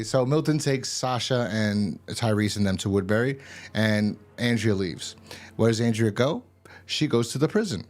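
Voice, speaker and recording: A man giving a casual, rambling and profane review of a TV episode. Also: on the low side. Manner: rambling, profane, full of fillers and restarts.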